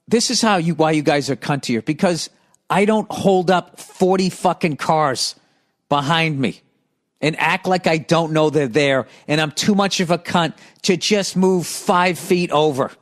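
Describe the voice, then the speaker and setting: A middle-aged man hosts a podcast, reading listener letters while ranting sarcastically and profanely about cyclists. His voice is a little high, and he doesn't hurry.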